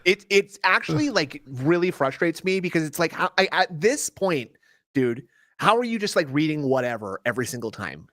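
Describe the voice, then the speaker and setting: A co-host in loose banter, mocking and joking, with casual swearing. His pitch swings widely as he talks. The recording sounds dry and close. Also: big pitch swings, moderate pace, a bit bright, no echo. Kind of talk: casual chat.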